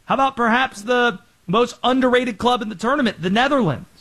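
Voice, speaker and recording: A man hosting a sports talk show, running through quick energetic opinions and reading an ad spot. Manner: quick energetic delivery with lively pitch swings.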